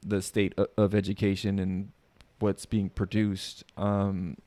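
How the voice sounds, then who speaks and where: A man's voice: sits low, monotone, measured pace, dark tone, dry recording. A male podcast host whose first language is Spanish, chatting casually, stammering and repeating words as he goes. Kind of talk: casual interview chat.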